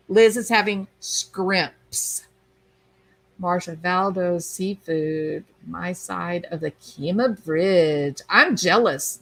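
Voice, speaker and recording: A woman's voice: fairly low pitch, a bit bright, poor audio. A woman hosting a livestream, chatting casually and reading viewer comments aloud. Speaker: livestream host reading chat. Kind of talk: casual chat.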